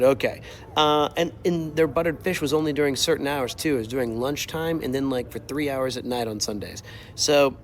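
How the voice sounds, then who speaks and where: A young man tells a trip story on a walk outdoors, his medium-pitched voice animated and exasperated as he acts out what others said. Faint street ambience hums behind him. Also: slight background noise. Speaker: streamer. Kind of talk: casual storytelling while walking. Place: outdoors, walking. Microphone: mobile mic while walking.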